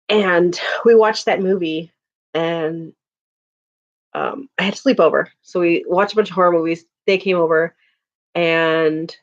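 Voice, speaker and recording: Chatty woman on a lo-fi livestream. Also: on the low side. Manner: chatty, laughing, reading out viewer comments. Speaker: livestream host. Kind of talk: casual livestream chat. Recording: dull lo-fi audio.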